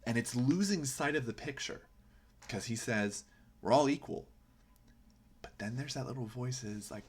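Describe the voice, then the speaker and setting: A man's voice: mid-range voice, animated, moderate pace, slight background noise. A man hosting a poetry podcast, giving earnest, emphatic commentary and often asking a rhetorical "right?". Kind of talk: reflective commentary on a poem.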